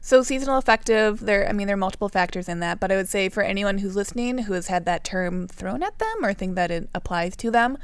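A woman's voice: mid-range voice, lively intonation, quick pace, few pauses, clean tone, no echo. Chatty woman host explaining health stuff, laughs a lot, dead dry sound. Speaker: podcast co-host explaining nutrition. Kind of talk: casual podcast chat.

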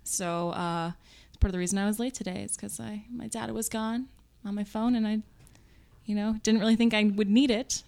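A woman's voice: medium pitch, fairly even intonation, a little fast, gravelly, a little mellow. A woman in her twenties chatting casually, self-mocking and laughing often. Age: 20s. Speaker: panel guest. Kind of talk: casual group chat.

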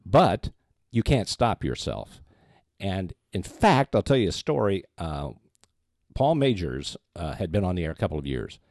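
A man's voice: sits low, measured pace, dry recording, clean studio sound. An older man, a television journalist, telling anecdotes on a podcast from a home den. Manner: animated anecdote teller. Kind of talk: storytelling on a podcast.

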